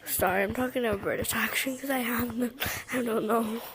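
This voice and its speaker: High-voiced woman chatting through gameplay. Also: fairly even intonation, fairly quick. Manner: chatty, giggly, exclaiming to herself. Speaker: gaming vlogger. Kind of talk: casual gameplay commentary.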